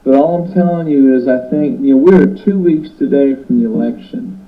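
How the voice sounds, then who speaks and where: A sleepless man tells of his dream in an earnest, urgent testimony, stumbling and repeating his words as he goes. His voice sits at an ordinary middle pitch. The audio is dull and lo-fi. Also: normal speed. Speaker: pastor recounting a dream. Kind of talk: spoken testimony to camera.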